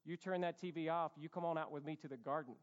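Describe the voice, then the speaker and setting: A man's voice: on the high side, fast talker, voice pushed down, natural voice. A pastor voicing his firm, hardworking father giving orders to his boys. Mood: stern. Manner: firm, no-nonsense commands. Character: stern hardworking farm-raised father. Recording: echoey hall, dull sound.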